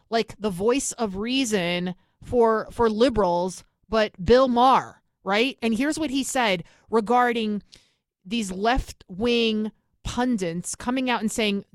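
A woman's voice: on the high side, dry recording, studio quality. Indignant New York woman host. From New York City. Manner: indignant, emphatic, rapid asides. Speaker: political commentary host. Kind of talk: opinionated monologue.

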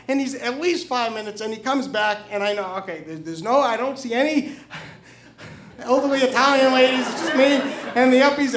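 A man's voice: very high voice, fairly bright tone. A man telling a comic personal story, stammering and repeating words as he goes.

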